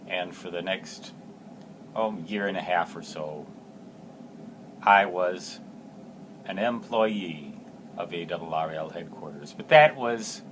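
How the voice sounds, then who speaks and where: Rambling low-voiced older man reminiscing. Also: slight background noise. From United States. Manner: rambling, unhurried, with frequent fillers and restarts. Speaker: ham radio video host. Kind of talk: casual spoken reminiscence.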